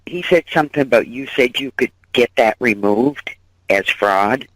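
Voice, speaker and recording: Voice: medium pitch, moderate pace, fairly bright tone, dry recording. Hesitant, stammering voice on a phone call.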